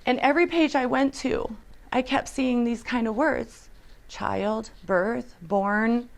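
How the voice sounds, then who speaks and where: A woman's voice: fairly high pitch, slow, gravelly. A woman telling an earnest, emotional personal testimony, sometimes dropping to a whisper. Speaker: storyteller.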